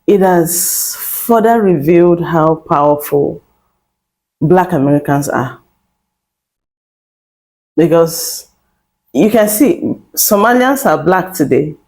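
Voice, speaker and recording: A woman's voice: on the low side, lively intonation, slow pace, pauses often, darkish tone, low-quality recording. An emphatic woman hosting an online commentary video. She leans on repetition and lets a mocking edge into her talk. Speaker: commentary channel host. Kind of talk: direct-to-camera commentary.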